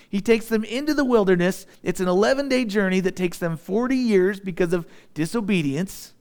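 A man preaching a sermon, animated, acting out voices in his retelling and dropping low and quiet for emphasis. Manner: animated preaching, voices the Israelites' grumbling and drops to a low intense tone. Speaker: pastor.

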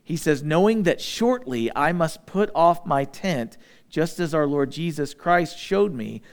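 A man preaching a sermon, animated, acting out voices in his retelling and dropping low and quiet for emphasis. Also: measured pace. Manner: animated preaching, voices the Israelites' grumbling and drops to a low intense tone. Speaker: pastor.

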